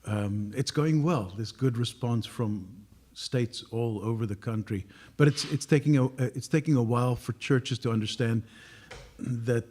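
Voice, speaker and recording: A man talks as a panel guest in an easy conversational way. His voice is husky and dark, with a mellow, unhurried delivery. He pauses now and then to clear his throat. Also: medium pitch. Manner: measured, clears throat often. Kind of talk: casual panel discussion.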